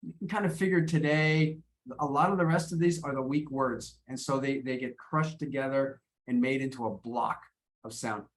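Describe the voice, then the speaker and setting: American man teaching a halting online lesson. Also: medium pitch, steady tone. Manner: halting, repeats words while explaining. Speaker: English teacher.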